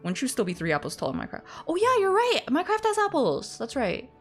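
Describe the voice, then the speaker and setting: A woman's voice: high voice, huge pitch swings, fast talker, faint music behind. A woman streamer chatting casually, ranting animatedly, laughing often and swearing freely.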